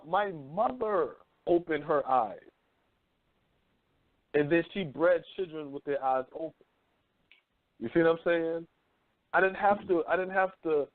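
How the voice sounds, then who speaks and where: A man in his thirties hosting a casual talk radio show, swearing freely and telling animated stories. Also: a little high, no room sound. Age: 30s. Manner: loose, profane, animated storytelling. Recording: phone-line call-in radio, dry.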